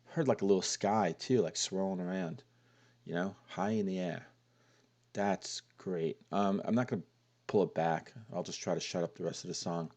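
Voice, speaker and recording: Relaxed, low-voiced man reacting to music. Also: normal speed, dull audio. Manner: relaxed, awed, laughing softly. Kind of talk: casual reaction commentary.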